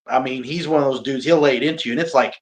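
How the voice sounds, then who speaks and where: A man, a pro wrestler talking casually as an interview guest, animated and self-mocking, often laughing and restarting his sentences. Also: mid-range voice, very fast. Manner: frequent repeats and restarts.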